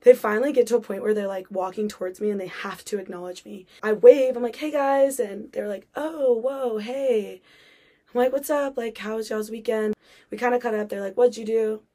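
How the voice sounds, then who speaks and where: A woman's voice: medium pitch, steady tone, fast talker, dark tone. A young woman hosting a podcast, telling a personal story in a chatty way with many fillers and acted-out quotes. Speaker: podcast host.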